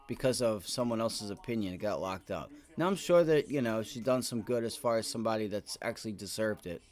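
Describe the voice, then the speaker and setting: A man commenting live on his trades during a stock trading stream, swearing often and rambling. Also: lowish voice. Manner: profane, excitable, rambling. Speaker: livestream day trader.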